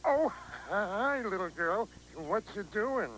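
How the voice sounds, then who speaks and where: A woman voicing Q.T., a wide-eyed, excitable young circus animal on a children's TV show, who talks in an awed, excited way. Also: mid-range voice, slow pace, faint music behind, poor audio.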